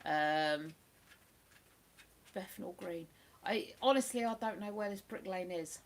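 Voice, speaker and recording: A woman from England hosting a casual livestream chat, rambling and cooing softly to her dog between remarks. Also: lowish voice, slow pace. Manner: chatty, drops to soft cooing baby talk with her dog. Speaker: livestream host.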